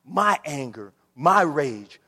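A man preaching a sermon in a high, animated voice. He reads scripture low and steady, then rises into loud, shouted calls. A long reverb from a large hall hangs behind every phrase. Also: slow, slightly rough. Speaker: pastor.

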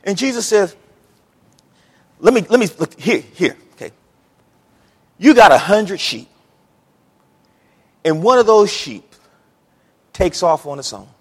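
A man preaching a sermon with a high, lively voice that climbs and drops as he acts out each quote in a folksy, animated way. His voice echoes with the long reverb of a church hall. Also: takes it slowly, pauses often, breathy edge. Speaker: pastor.

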